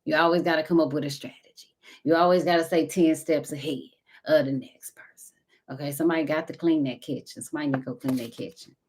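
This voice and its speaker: Deep-voiced lady doing a chill tarot reading, calls everybody baby n honey, goes whispery sometimes. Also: fairly even intonation, fast, darkish tone, a little hiss or hum. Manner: intimate and chatty, calls listeners baby and honey. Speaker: tarot card reader. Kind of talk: casual spiritual tarot reading to viewers.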